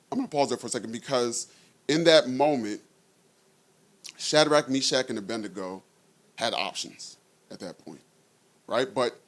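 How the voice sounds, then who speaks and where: A man preaching a conversational sermon, reading scripture aloud and often checking in with his listeners. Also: mid-range voice.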